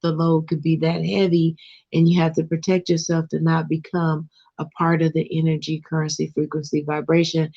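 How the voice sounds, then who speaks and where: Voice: medium pitch, monotone, normal speed, gravelly, mellow, muffled recording. A spiritual counselor talking earnestly in a casual chat, stringing together lists of words.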